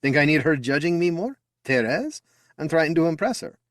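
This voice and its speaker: A man's voice: a little high, very animated, normal speed, no echo, voice pushed up. Guy reading as a chatty proud older brother, bouncy voice, dry close sound. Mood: eager. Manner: upbeat, chatty and affectionate. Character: eager, boastful young man, proud older brother.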